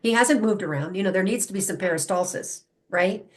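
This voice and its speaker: A woman's voice: medium pitch, fairly quick. A woman explaining how dogs read people, in a conversational style. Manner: acts out dog and owner voices, animated. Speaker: animal communication guest.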